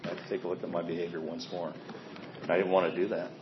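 A man's voice: low voice, little pitch movement, racing. A man giving a candid, plainspoken personal recovery testimony, self-deprecating about his past behavior. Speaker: speaker sharing a recovery story. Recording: echoey, dull sound with faint ambient noise.

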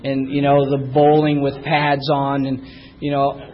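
A middle-aged man giving personal testimony at a recovery meeting, halting and repeating himself, and getting louder when he stresses a point. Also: medium pitch, completely flat delivery, dull audio. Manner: halting, repeats words, rises in volume when emphatic.

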